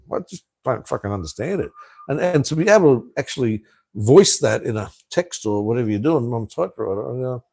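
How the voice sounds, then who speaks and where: A blunt Australian man in his fifties hosts a casual live stream, answering viewers and swearing freely. His voice sits at an ordinary middle pitch. The sound is dry and close, with little room echo. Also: animated, fast talker, gravelly, a little mellow. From Australia (Tasmania). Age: 50s. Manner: blunt, swears freely, chuckles between remarks. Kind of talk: casual live chat reading viewer comments.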